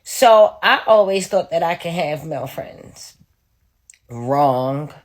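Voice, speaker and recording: A woman's voice: low voice, animated, takes it slowly. A woman speaking straight to camera with blunt, self-deprecating candor. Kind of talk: candid talking-head confession.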